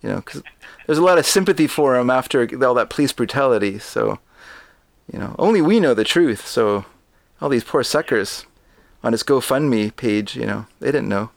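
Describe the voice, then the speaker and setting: A man's voice: mid-range voice, expressive, moderate pace, vocal fry, dry recording. A Canadian man with a Vancouver accent, chatting casually as a podcast co-host, often laughing and trailing off mid-sentence. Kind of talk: casual chat.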